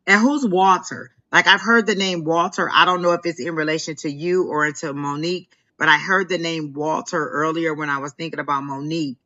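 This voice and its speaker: A woman's voice: low voice, fairly even intonation, a little fast, hardly any pauses, bright, forceful tone, muffled recording. A woman co-hosting a live stream and giving a psychic reading, talking in a rambling way with many "like"s. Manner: rambling, heavy use of "like". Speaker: psychic reader and co-host.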